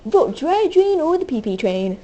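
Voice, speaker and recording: A high-pitched woman narrating her gameplay in a hyper, playful way, her voice leaping up and down wildly. She squeals between unhurried remarks. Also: sing-song, mellow, lo-fi sound, a little hiss or hum. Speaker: gaming video host. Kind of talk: excitable gameplay commentary.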